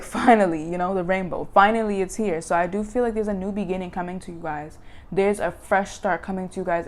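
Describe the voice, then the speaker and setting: A young woman talks through a tarot card reading in a casual, chatty way. She gets excitable and emphatic, and she repeats phrases to drive her point home. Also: medium pitch. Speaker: tarot reader.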